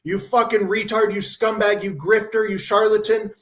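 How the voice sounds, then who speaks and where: Guy doing an unhinged ranting lady, high and mocking, all insults. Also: little pitch movement, moderate pace, fairly bright tone. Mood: scornful ranting. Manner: hurling insults in a mocking raised voice. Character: furious ranting woman online, insulting and unhinged.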